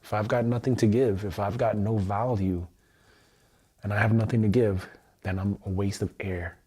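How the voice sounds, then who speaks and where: A man's voice: fairly low pitch, fairly even intonation, normal speed, a little mellow, slightly rough. A man leading an emotional tapping livestream, speaking in intense, repetitive affirmations with some swearing. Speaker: self-help livestreamer.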